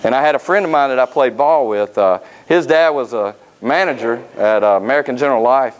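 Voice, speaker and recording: A man's voice: medium pitch, brisk, muffled recording. Folksy man telling stories. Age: 30s. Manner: folksy, anecdotal, frequent "uh" fillers. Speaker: speaker at a sales academy. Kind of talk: motivational storytelling speech.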